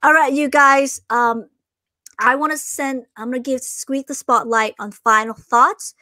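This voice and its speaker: A woman hosting a casual livestream Q&A, bubbly and excitable, talking over a video call. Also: high voice, measured pace, dry recording. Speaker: host. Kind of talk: livestream Q&A chat.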